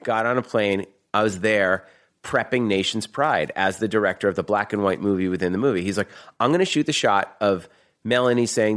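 Fast-talking man with a Boston accent. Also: on the low side. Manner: fast, profane, animated storytelling. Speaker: guest. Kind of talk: storytelling in casual chat.

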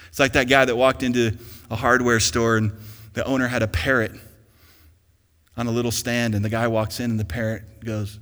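A young man preaching a sermon as pastor in a church, emphatic and rising to loud peaks, with an easy storytelling manner. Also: medium pitch, little pitch movement, a little fast. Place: church sanctuary. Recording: long hall reverb.

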